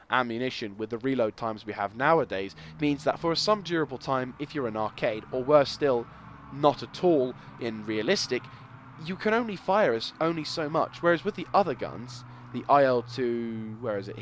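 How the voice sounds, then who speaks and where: A young man hosting casual game commentary, excitable and rambling, with loud exclamations. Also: mid-range voice. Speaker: gaming video host.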